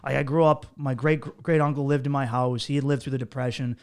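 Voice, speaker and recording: A man, a comedian guest on a podcast, telling quick comic anecdotes and acting out the dialogue. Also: medium pitch, steady tone, darkish tone, clear, resonant tone. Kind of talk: casual chat, comic storytelling.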